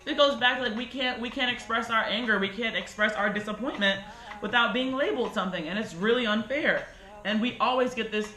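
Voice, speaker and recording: A woman in her twenties vlogging at home in a blunt, frustrated, animated way. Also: on the high side, a little fast, roomy sound, soft background music, low-quality recording. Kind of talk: casual talking-head vlog rant. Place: home bedroom corner.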